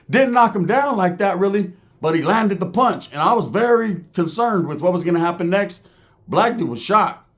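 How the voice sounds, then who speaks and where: A middle-aged man giving a casual commentary rant in streetwise slang, animated and full of tangents and asides. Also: high-pitched, moderate pace.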